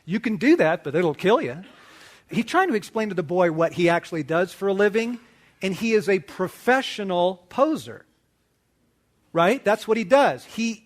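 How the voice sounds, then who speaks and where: A middle-aged man hosting a talk to men, telling a movie story with lively acted-out dialogue. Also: sits high. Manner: animated storyteller acting out dialogue. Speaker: host. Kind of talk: casual teaching talk to men.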